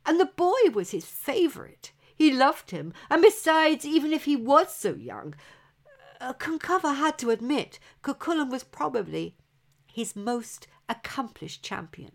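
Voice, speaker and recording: Woman storyteller, unhurried and dramatic, for a spoken legend. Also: sits high, creaky. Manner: slow, dramatic, expressive telling. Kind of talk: oral storytelling of an old legend.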